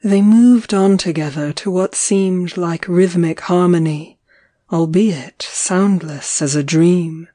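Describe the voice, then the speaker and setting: A woman narrating a story in a measured, lyrical reading. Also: fairly low pitch, dark tone, no room sound. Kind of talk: audiobook narration.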